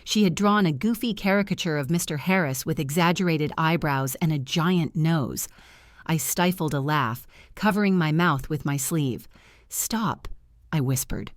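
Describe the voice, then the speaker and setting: A woman with a slightly low voice reads a first-person drama story aloud, earnest and gripping. The recording is dry and close, with no room sound at all. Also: no echo. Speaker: narrator.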